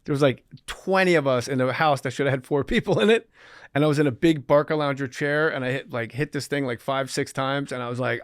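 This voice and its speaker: A man hosting a podcast, telling animated, wry stories about his life in comic storytelling style. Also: medium pitch, brisk, no room sound, clean studio sound. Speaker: comedian podcast host.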